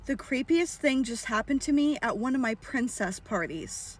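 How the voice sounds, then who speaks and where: A woman who works as a party performer and psychic medium excitedly tells a creepy story, acting out the voices. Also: on the high side, moderate pace, noisy background. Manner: excited, acts out the child's voice. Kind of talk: casual storytelling to camera.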